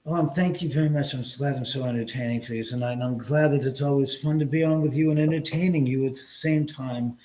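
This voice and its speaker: A man chats loosely with his livestream viewers, rambling and trading crude jokes. His voice sits at an ordinary middle pitch. He talks in an echoey room in a house. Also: fairly even intonation, fast, hardly any pauses, a little mellow. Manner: rambling, joking, crude banter. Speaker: livestream host. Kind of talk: casual livestream chat with viewers.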